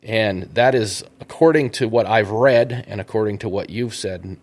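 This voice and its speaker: A man's voice: fairly low pitch, moderate pace, a little mellow. A man hosting an interview podcast in casual chat, rambling and thinking aloud with restarts and chuckles. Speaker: podcast host.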